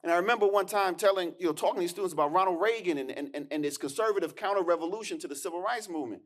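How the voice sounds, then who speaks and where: A man's voice: high-pitched, racing. A man giving a keynote lecture as a historian, emphatic and conversational, with punchy asides and words repeated as he restarts. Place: lecture hall.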